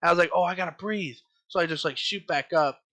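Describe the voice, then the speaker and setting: A young man co-hosting a casual podcast chat, telling stories in an animated way and acting out his own panicked quotes. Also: on the high side, quick pace. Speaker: podcast co-host.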